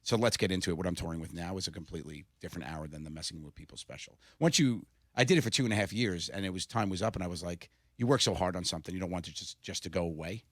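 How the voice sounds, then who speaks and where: A middle-aged man with a low voice rattles through stories at a fast clip, animated and laughing often. He sounds close to a studio mic in a dry room. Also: no room sound. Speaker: comedian guest. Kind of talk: casual interview storytelling.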